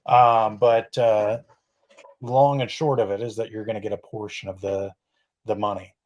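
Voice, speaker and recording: A man's voice: fairly low pitch, flat delivery, moderate pace, a little mellow. A male podcast guest explaining how roof insurance works, filling his sentences with "you know" and "um".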